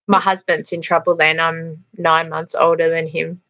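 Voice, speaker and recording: A woman's voice: deep voice, flat delivery, moderate pace, sharp tone, no echo, lo-fi sound. Brief: middle-aged Australian woman, livestream host, chatty storyteller, dry close sound. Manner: chatty storyteller, laughs often, reads out viewer comments. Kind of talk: casual livestream chat.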